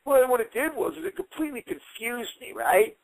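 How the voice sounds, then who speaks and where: A middle-aged man telling a story in a casual interview, animated and heated as he retells it. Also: extremely high pitch, a little fast, vocal fry, no room sound, low-quality recording. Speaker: interview guest.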